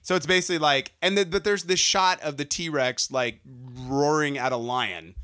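A man in casual chat, retelling a film with animated, profane mockery and laughter. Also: fairly high pitch, moderate pace, clear, resonant tone.

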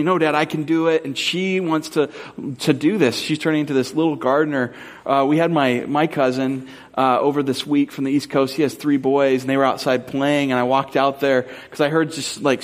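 A man from Southern California preaching a sermon as pastor, telling stories casually with lots of "like" and "um" before slowing into earnest questions. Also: fairly high pitch.

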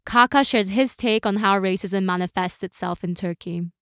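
A woman hosting and narrating a short documentary in an even, scripted delivery. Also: mid-range voice, normal speed, clean tone, no echo, studio quality. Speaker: host and narrator.

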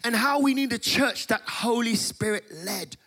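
An impassioned man preaching at a conference, his voice pitched unusually high and ringing bright. He swings from shouted lines to sung-out phrases as he preaches. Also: normal speed. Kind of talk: sermon. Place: conference hall.

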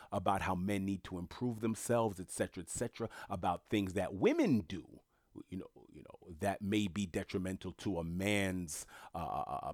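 Low-voiced guy going off on a blunt rant, dry close sound, keeps repeating himself. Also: no echo. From Haitian family. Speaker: commentator. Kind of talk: casual monologue commentary.

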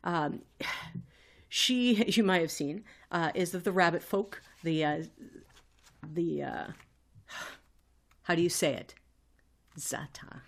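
Eager female player with a lower voice, a little halting. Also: creaky. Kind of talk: casual chat.

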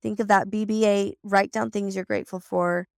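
A woman's voice: medium pitch, fairly even intonation, normal speed, a little mellow, no echo, studio quality. A woman hosting a podcast interview in a casual, effusive way, her voice scratchy from recovering, often restarting her sentences. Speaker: podcast host.

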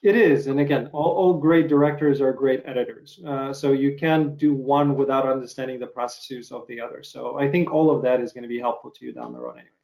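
A man interviewing a guest in a relaxed way, with many fillers and nods of agreement. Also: mid-range voice, quick pace, gravelly, hardly any pauses, echoey room, lo-fi sound. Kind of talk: casual interview.

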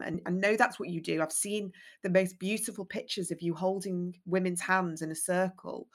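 A woman hosting a podcast, with a somewhat low voice for a woman. She talks in a chatty, animated way and fills her sentences with "like" and "you know". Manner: chatty, animated, many fillers. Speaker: podcast host. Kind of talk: casual interview chat.

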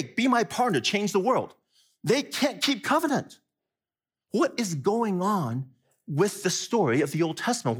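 Animated husky-voiced male preacher. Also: on the high side. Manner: animated, asks the audience questions, laughs at himself. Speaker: pastor. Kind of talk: sermon.

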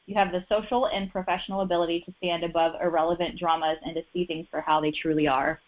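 A woman's voice: fairly low pitch, level tone, quick pace. A woman giving a casual personal reading, chatty and full of fillers and restarts. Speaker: human design reader. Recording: dull lo-fi sound.

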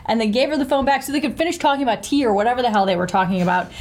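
A woman playing a tabletop role-playing game, telling her character's story in an animated way. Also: on the high side, racing. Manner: animated storytelling, quoting others. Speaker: player.

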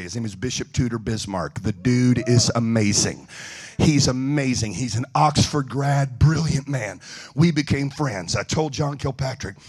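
A man preaching a sermon, telling funny stories in an animated, joking way. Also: medium pitch, breathy edge. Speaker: evangelist. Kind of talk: sermon storytelling.

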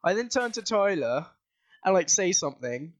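A man's voice: high-pitched, sing-song, normal speed, no room sound. A young man hosts a casual podcast, rambling through a story with lots of filler words. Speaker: podcast host. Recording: dull lo-fi sound.

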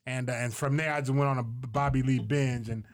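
A man co-hosting a podcast, chiming in with relaxed casual chat. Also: medium pitch, fairly quick. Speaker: podcast co-host.

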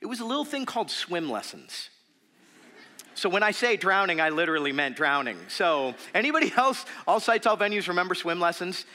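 Animated bright-voiced male pastor. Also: sits high, brisk. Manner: animated storytelling with fillers, then softer and earnest. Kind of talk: sermon. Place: church.

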